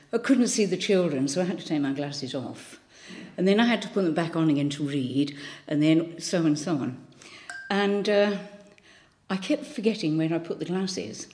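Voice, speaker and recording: Low-voiced elderly woman telling stories. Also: darkish tone. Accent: faint Birmingham. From Birmingham, England. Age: 80s. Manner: chatty and rambling, with many ums and restarts. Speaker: speaker giving a thought for the day. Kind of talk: casual anecdotal talk.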